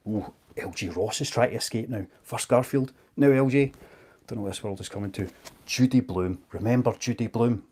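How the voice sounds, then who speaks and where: A man's voice: on the low side, a little mellow, slight background noise. A man, chatting casually as he auctions books on a live stream, joking at his own expense. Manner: chatty and self-mocking. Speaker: online book seller.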